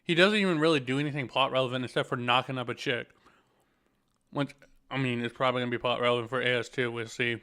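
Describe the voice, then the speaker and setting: A man ranting casually about a game's writing on stream, tripping over his words and restarting his sentences. His voice is bright and clear, at a middle pitch. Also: fairly even intonation, quick pace. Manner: rambling, trips over words and restarts, swears; talks while eating. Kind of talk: casual gameplay rant.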